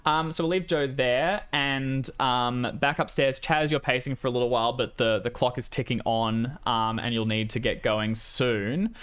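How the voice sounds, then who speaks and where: Smooth-voiced male game master, rambling. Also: mid-range voice, normal speed, few pauses, a bit bright. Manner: casual, rambling with many fillers. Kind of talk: narrating a tabletop game.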